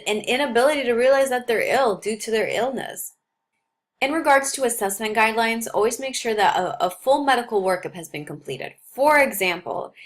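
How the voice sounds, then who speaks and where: A woman's voice: medium pitch, fairly bright tone. Nursing teacher lady giving a lecture, chatty, tells stories from her clinic days, lots of uhs. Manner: explains with personal clinical stories, many fillers. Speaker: nursing instructor.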